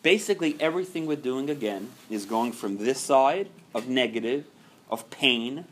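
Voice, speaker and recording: Earnest guy running a recovery meeting, goes quiet then loud, faint noise behind. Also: mid-range voice, animated, normal speed. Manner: earnest, swings from soft to loud and emphatic. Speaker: recovery group leader.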